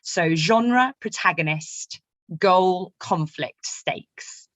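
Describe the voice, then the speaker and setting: A woman gives a writing workshop at a quick, chatty clip, full of fillers and asides. Her voice sits low for a woman. It is recorded close and dry, with no room sound. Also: fairly bright tone, no room sound. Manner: fast, chatty, many fillers. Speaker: novelist leading a writing workshop. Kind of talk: online workshop talk.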